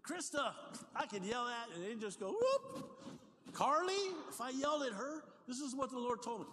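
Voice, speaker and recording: High-voiced older male pastor preaching. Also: a little fast, slight background noise. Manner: conversational, animated, folksy asides. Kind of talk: sermon. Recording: long hall reverb, faint ambience.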